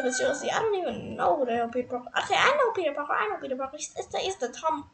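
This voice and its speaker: A young gamer giving casual gameplay commentary, hoarse from screaming and talking in an excitable, dramatic, complaining way. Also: high-pitched, very fast, hardly any pauses.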